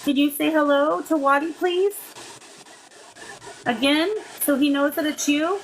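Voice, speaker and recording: Woman, paranormal investigator, gentle coaxing tone, affectionate, slightly high voice, faint background hiss. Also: steady tone, a little slow, rough recording. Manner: gentle, coaxing, calls the unseen listener "darling" and "sweet pea". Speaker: paranormal investigator hosting a spirit session. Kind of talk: live spirit-communication session. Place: indoors beside a table of ghost-hunting gear.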